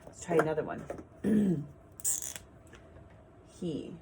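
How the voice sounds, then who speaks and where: Slow, low-voiced teacher reading to kids. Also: female voice, slight background noise. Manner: slow, clear, sing-song teacher voice, spells out words. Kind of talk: online reading lesson for young children.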